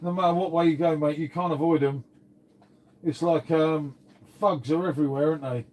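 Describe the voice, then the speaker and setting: A man's voice: fairly high pitch, fairly even intonation, moderate pace, darkish tone. Rambling, matey man. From England. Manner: rambling, swears a lot, says "mate" constantly. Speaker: livestream host. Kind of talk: casual live-stream chat.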